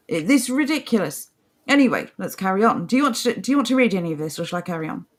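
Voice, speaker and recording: A woman's voice: medium pitch, lively intonation, rapid-fire. A woman on a podcast, reading articles aloud and answering them with sarcastic, mocking remarks in casual chat. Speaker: podcast co-host.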